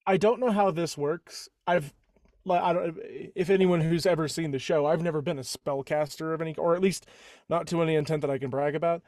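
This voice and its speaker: A man's voice: fairly high pitch, steady tone, a little fast, darkish tone, dry recording, studio quality. A man playing a tabletop game, rambling and correcting himself as he thinks aloud. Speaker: player. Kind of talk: casual tabletop game chat.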